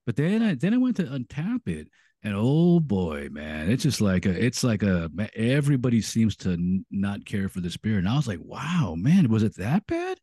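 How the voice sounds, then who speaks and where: A man's voice: lowish voice, sing-song, moderate pace, dark tone, no room sound, studio quality. A man co-hosting a casual beer podcast, hesitant and often searching for the right word. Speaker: podcast co-host. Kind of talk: casual chat.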